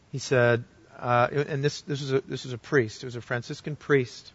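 A man's voice: mid-range voice, level tone, brisk, dry recording, muffled recording. Earnest male pastor preaching a sermon. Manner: earnest storytelling with shifts between loud and hushed.

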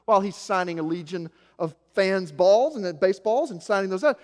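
A man in his forties from Arkansas, preaching a sermon with self-mocking stories, shifting from quiet asides to loud emphasis. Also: high voice, a little fast, hardly any pauses. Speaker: pastor. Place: church sanctuary. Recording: echoey hall.

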